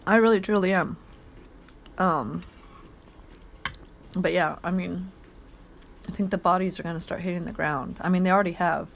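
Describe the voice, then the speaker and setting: A woman's voice: fairly low pitch, steady tone, normal speed, gravelly, long pauses, slight background noise. A woman hosting a solo podcast, rambling bluntly and swearing a lot as she eats. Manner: eating while talking. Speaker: podcast host.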